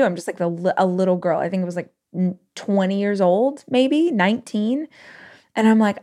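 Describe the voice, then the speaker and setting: A woman podcast host telling a personal story in an emotional, animated way with quick bursts. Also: mid-range voice.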